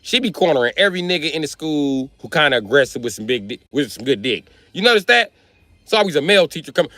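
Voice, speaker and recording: A man streaming live, telling profane stand-up stories in a loud, swearing manner. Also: a little high, fast talker. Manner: loud, animated, swearing freely. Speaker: comedian streamer.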